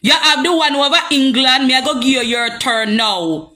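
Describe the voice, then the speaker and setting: A woman's voice: high-pitched, normal speed, sharp tone. A young Jamaican woman ranting heatedly on a live stream, confrontational and repeating herself. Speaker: social media personality.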